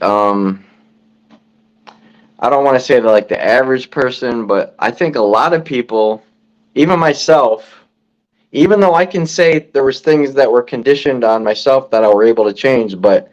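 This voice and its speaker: A man co-hosts a podcast in casual, reflective talk, circling his point with repeated words. His mid-pitched voice comes through a dull, lo-fi recording. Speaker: podcast co-host. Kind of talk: casual chat. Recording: dull lo-fi sound.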